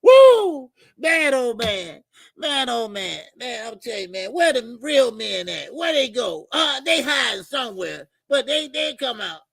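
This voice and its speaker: A high-pitched man with a gravelly, husky voice rants loudly about boxing. He shouts and swears often. The sound is dry and close. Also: measured pace, no room sound. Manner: animated, shouting rants, profane, laughing. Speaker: boxing commentary channel host. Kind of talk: loud casual commentary.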